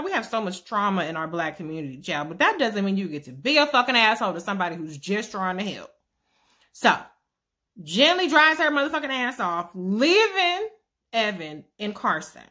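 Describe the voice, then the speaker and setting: A woman's voice: mid-range voice, sharp tone. A woman casually recapping a TV series with profane, sassy asides. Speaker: show recap vlogger.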